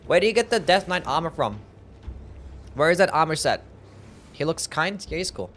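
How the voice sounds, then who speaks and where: A man's voice: a little high, big pitch swings, moderate pace, a bit bright. Young aussie guy streaming, swears a lot, chats with his viewers, faint room noise behind him. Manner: chatty, swearing, reads chat aloud, laughs easily. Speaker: game streamer. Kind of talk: casual livestream commentary.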